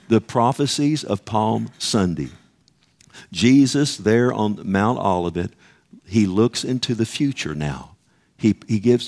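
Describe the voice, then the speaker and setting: A male pastor delivers a sermon in an impassioned voice. He calls out to his listeners and drops into a slow, emphatic reading whenever he quotes scripture. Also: fairly low pitch, darkish tone. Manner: impassioned preaching, calls to the congregation; reads scripture slowly and emphatically.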